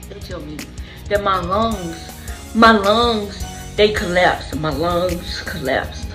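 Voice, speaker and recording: A woman's voice: on the low side, slow pace, fairly bright tone, soft background music, rough recording. A woman vlogger telling her own story in an earnest, emotional way, going back over phrases as she remembers. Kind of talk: personal storytelling to camera.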